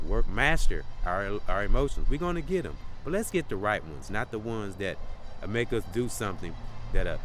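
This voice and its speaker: Low-voiced man giving outdoor motivational talk. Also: noisy background. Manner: preachy, repeats phrases, says "real talk" and "salute". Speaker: motivational podcast host. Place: outdoors in windy nature.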